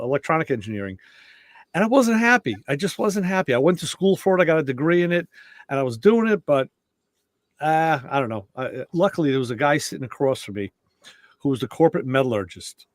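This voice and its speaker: A middle-aged man hosting a casual podcast conversation, telling stories in an animated way and acting out quoted dialogue. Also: mid-range voice, dry recording, studio quality. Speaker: show host.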